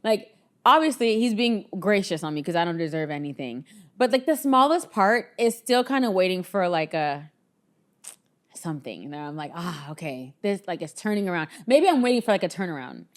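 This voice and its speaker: A woman's voice: on the low side, expressive, a little fast. A woman co-hosting a podcast in casual chat, talking in a chatty storytelling way and laughing often. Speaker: podcast co-host.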